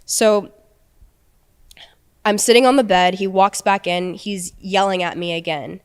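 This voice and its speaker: A young woman guest on a podcast, telling a personal story in an earnest, halting way with many restarts. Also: mid-range voice, steady tone, smooth.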